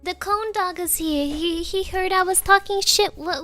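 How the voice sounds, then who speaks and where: A woman's voice: very high-pitched, steady tone, moderate pace, sharp tone, faint music behind. A young woman chatting casually on a stream, giggling often and coaxing her dog.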